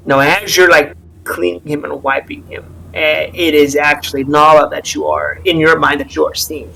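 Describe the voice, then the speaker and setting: A man's voice: fairly high pitch, slight background noise, low-quality recording. A man narrating a tabletop role-playing session as game master, setting scenes and voicing what happens. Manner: slow, relaxed storytelling with gravelly voice.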